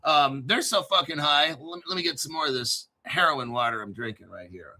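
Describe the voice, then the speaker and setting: A man hosting a crypto show, talking off the cuff in a brash, profane way, swinging between muttered asides and loud, hyped outbursts. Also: fairly high pitch, moderate pace. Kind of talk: unscripted livestream commentary.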